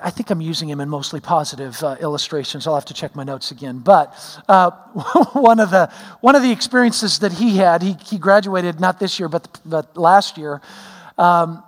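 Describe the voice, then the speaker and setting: Middle-aged male pastor, high-pitched, casual joking sermon delivery, recorded with long hall reverb. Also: normal speed. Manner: folksy, self-deprecating storytelling with many fillers. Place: church sanctuary.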